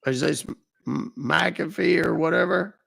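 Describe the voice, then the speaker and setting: A man's voice: fairly high pitch, measured pace, creaky, a bit bright, breathy edge, pitched above the performer's own voice, exaggerated voice. A man voicing a folksy, confused man who calls support, drawling and stammering over words. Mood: fretful. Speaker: fake caller to a scammer.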